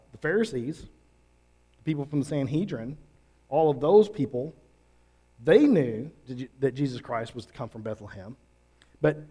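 A man preaching a sermon, earnest and emphatic, with drawn-out pauses. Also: mid-range voice, mellow, slightly rough. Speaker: pastor.

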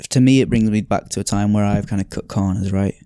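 Low, mellow man telling a story. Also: smooth, no echo, studio quality. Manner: reflective, sighs often, many fillers. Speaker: podcast host. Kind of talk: casual storytelling and reading aloud.

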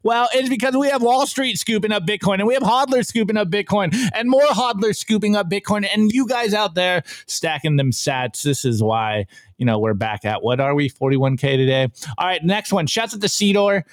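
A fairly high-voiced man hosts a live stream in an easy, upbeat way, reading posts aloud and riffing on them. His voice is close and dry, with no room sound around it. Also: moderate pace, no echo. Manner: upbeat, chatty, reads posts aloud with laughs. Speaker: podcast host reviewing memes. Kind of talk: casual live-stream chat.

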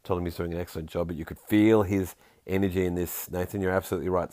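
Man, very low voice, dry close sound, casual podcast host, playful asides. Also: steady tone, darkish tone, dry recording. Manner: jokey, reads tweets aloud with quick asides. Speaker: podcast host reading listener tweets. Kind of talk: casual chat.

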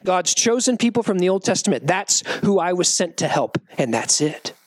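Animated male youth preacher, jokey, acts out voices, very lively pitch, dry sound. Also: normal speed, no echo. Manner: animated, joking, acts out quotes. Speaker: youth pastor. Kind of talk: youth sermon.

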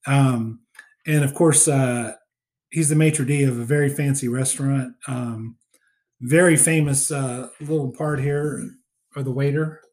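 A man's voice: mid-range voice, fairly even intonation, measured pace, darkish tone. A man casually recapping a film scene by scene, full of ums and uhs. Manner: rambling recap with many fillers. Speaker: podcast co-host.

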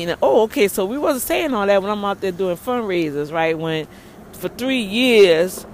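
A woman, a ministry leader, telling a frustrating story in an animated vlog, breaking into prayers and repeating herself. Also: lowish voice, a little hiss or hum.

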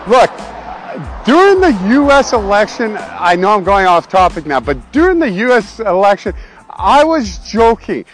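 A man's voice: high-pitched, moderate pace, faint music behind. A man, a pastor hosting his own show, talking in a casual, jokey, rambling way that keeps going off on tangents. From Canada. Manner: excitable, jokey, goes off on tangents. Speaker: pastor and podcast host.

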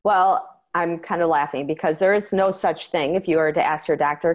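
A woman speaks as an interview guest in a somewhat low voice. Her talk is earnest and quick, dotted with fillers and restarts as she explains her views. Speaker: interview guest, medication-transparency advocate. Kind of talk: conversational interview.

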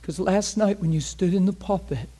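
Male preacher, somewhat high voice, emotional testimony, voice cracking between hushed and loud. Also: normal speed, husky. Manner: earnest storytelling with quoted speech. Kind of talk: testimony sermon.

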